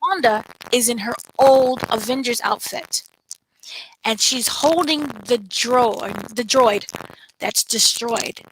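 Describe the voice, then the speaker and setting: A woman co-hosting a casual spoiler recap, retelling scenes in an animated way with playful voices. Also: on the high side, slow pace, a little hiss or hum, poor audio. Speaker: entertainment editor, co-host.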